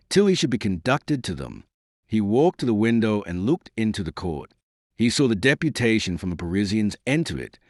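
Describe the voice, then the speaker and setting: A man narrating a classic novel as an audiobook in a measured, expressive reading. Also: on the low side, dry recording, studio quality.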